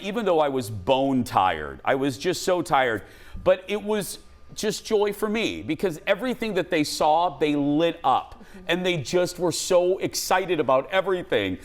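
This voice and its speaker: A man's voice: a little high, animated, measured pace. A male talk show host in his forties, from Minnesota, chatting casually and laughing often. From Minnesota, USA. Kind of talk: casual chat.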